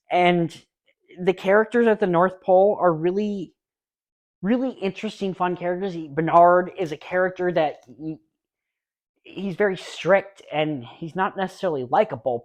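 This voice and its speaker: A man in his late twenties talking casually and eagerly about his favorite movies, rambling with restarts and asides. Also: high voice. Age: late 20s. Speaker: YouTube movie reviewer. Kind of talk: casual movie review vlog.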